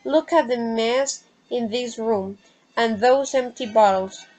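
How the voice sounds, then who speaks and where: A woman voicing a calm, easygoing young married woman, reading her lines slowly from a play script. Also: fairly high pitch, soft background music, low-quality recording. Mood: matter-of-fact.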